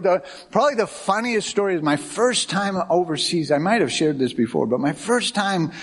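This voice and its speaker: A middle-aged American man preaching as a pastor. He tells anecdotes in an animated way, acting out the quoted dialogue as he goes. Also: on the high side. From United States. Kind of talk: sermon with storytelling.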